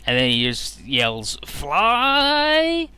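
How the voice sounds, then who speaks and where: A man's voice: mid-range voice, measured pace, a bit bright, smooth. Rambling, joking man narrating a game. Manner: joking, rambling, many "uh" fillers. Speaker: video game let's player. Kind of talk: casual game commentary.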